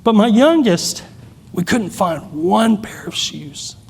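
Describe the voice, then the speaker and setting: A man's voice: sits high, animated, takes it slowly, vocal fry, breathy edge. Middle-aged male keynote speaker, candid and self-deprecating, with a long reverb from a large hall. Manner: candid, self-deprecating storytelling with many restarts. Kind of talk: personal storytelling keynote.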